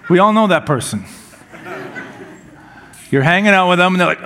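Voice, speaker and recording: A man's voice: high-pitched, expressive, a little fast, pauses often, a bit bright. A male pastor preaching a conversational, humorous sermon. He often repeats a word as he restarts a phrase.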